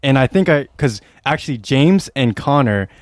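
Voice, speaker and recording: A man's voice: mid-range voice, expressive, moderate pace, no room sound, clean studio sound. Earnest young man rambling on a podcast. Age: young adult. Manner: earnest, rambling, many restarts. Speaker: podcast co-host. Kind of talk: casual chat.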